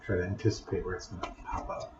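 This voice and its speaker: A man playing a tabletop game, talking eagerly and a bit excitably. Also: sits low, fast talker. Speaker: player. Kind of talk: casual tabletop play. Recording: dull audio in an echoey room.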